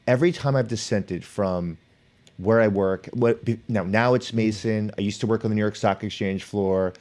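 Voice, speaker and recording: A middle-aged man who is an author and professor appears as a podcast guest, animatedly telling stories in conversation and acting out the people he quotes. His voice is fairly low and his pace moderate.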